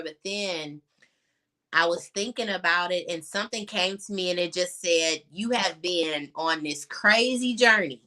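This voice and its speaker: A woman's voice: on the low side, bright, forceful tone. A young adult woman on a video call, telling her personal story candidly with many fillers, sometimes choking up. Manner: candid, filler-heavy, chokes up at times. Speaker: guest.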